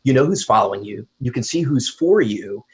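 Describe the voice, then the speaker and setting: A man's voice: medium pitch, lively intonation, brisk, rough recording. A man from the United States, a wedding DJ and emcee, chatting in a friendly, storytelling way as a guest. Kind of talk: casual interview chat.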